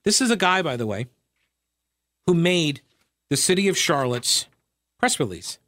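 A man's voice: sing-song, unhurried, sharp tone, no echo. A man hosting a radio talk show, delivering a sarcastic solo monologue with mocking asides. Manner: sarcastic, mocking asides, wide pitch swings.

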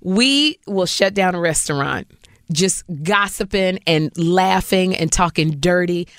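A middle-aged woman chatting as a guest, telling animated stories and acting out the people she quotes. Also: lowish voice, a little slow, clean tone, dry recording, studio quality. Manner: animated storyteller, acts out quoted voices. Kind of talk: casual chat.

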